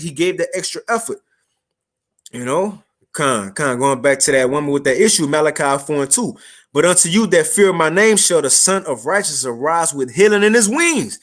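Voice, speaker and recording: A man preaching a casual street sermon, reading scripture slowly and formally, then explaining it in slang and checking in with his listeners. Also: high voice, a bit bright.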